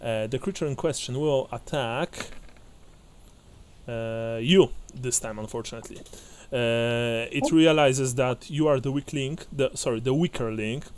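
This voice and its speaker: A man narrating as game master of a tabletop game, hesitant with many fillers and restarts, often breaking into quick laughs. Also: medium pitch, a little mellow.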